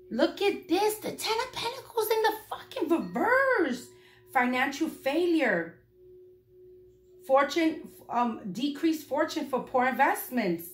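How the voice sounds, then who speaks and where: A woman doing a casual tarot reading for her viewers, blunt, profane and animated. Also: high voice, a little hiss or hum. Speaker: tarot reader. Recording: echoey room.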